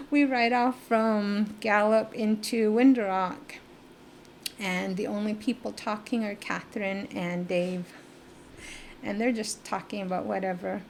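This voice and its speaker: Brief: middle-aged woman from the Southwest reservation region, podcast guest, rambling storyteller with some vocal fry, faint noise underneath. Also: mid-range voice, steady tone, unhurried. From Navajo Nation area, US Southwest. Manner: rambling, acts out quoted voices. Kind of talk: personal storytelling.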